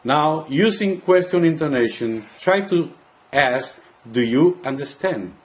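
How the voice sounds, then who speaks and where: A man teaching a language lesson, saying words slowly and part by part for the listener to repeat. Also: fairly high pitch, animated. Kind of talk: slow, deliberate language lesson.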